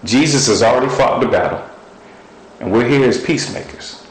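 A man preaching a sermon, telling stories with animated delivery. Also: a little fast, roomy sound, rough recording. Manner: storytelling, animated with sudden high shouts.

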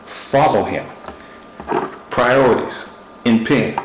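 A man's voice: on the low side, a little slow. A middle-aged man preaching a sermon, repeating short phrases and using objects as illustrations. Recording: echoey room with faint noise.

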